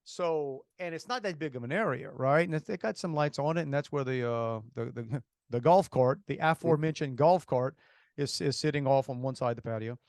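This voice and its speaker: A podcast co-host from Louisiana with a Cajun accent tells a long, rambling story with many restarts. His medium-pitched, slightly mellow voice moves a little fast, captured in studio quality with no echo.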